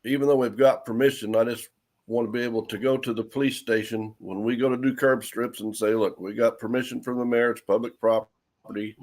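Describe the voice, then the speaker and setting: A man's voice: mid-range voice, steady tone, brisk, a little mellow. A man in a casual conversation, explaining things in a plain, matter-of-fact way. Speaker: co-host guest. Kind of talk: casual chat.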